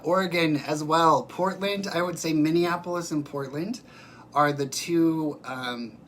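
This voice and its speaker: A man's voice: fairly high pitch, a little hiss or hum. A man hosting a casual livestream, reading out viewer comments and answering them by name in a chatty, emphatic way.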